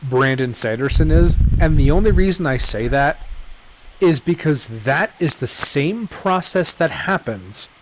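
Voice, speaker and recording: A man co-hosting a podcast, talking enthusiastically about a book with quick asides and easy laughs. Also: on the high side, expressive, a little hiss or hum, rough recording. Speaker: podcast co-host. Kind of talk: casual book discussion.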